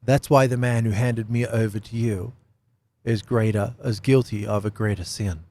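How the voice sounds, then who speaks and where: A man giving an unscripted Bible study talk, animated, with lots of rhetorical questions and repeated phrases. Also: fairly low pitch, moderate pace. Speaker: Bible teacher.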